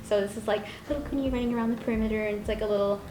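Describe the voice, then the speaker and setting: A woman's voice: medium pitch, steady tone, racing, dark tone, slight background noise. A young woman chatting casually as a guest artist, talking through her tools with lots of fillers and a giggly manner. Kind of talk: casual chat. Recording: roomy echo with faint music.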